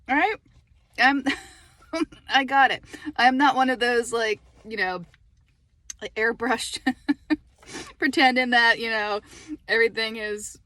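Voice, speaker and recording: A middle-aged woman talking casually to her phone camera from a parked car, chatty and animated, laughing often. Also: fairly high pitch, measured pace, long pauses, no echo. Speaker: lifestyle vlogger.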